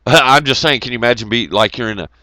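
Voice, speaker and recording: A man's voice: mid-range voice, moderate pace, dry recording. A man rambling through a casual monologue, swearing freely and laughing as he tells stories. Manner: profane, laughing, animated storytelling.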